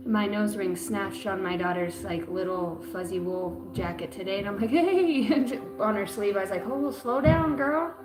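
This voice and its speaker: A woman's voice: mid-range voice, fairly even intonation, moderate pace, few pauses, roomy sound, music in the background. A middle-aged woman reading tarot on a livestream in casual chat, swearing, joking and laughing often.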